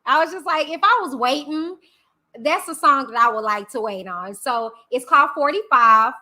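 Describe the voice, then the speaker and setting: This chatty streamer has a high, bright voice and an animated delivery, drawing out warm greetings to viewers she calls by name. It's casual live-stream talk captured on a computer mic in her streaming software.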